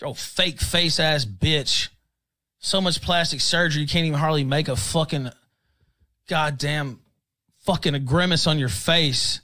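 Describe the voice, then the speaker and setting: A man's voice: a little high, measured pace, bright, forceful tone, poor audio. A man in played clips, ranting furiously and cursing at his targets. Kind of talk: angry rant.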